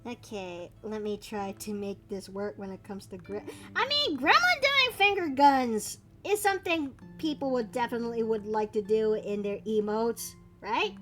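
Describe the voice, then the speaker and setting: A woman's voice: a little high, very animated, moderate pace, few pauses, fairly bright tone, faint music behind. A Canadian woman chatting casually as she draws live on stream, thinking aloud with playful asides. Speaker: streamer and artist. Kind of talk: casual chat while drawing live.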